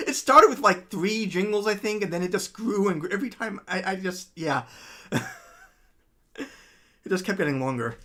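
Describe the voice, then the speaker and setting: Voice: medium pitch, animated, moderate pace, pauses often, sharp tone. A musician chatting casually on their own livestream, rambling with many ums and frequent laughs.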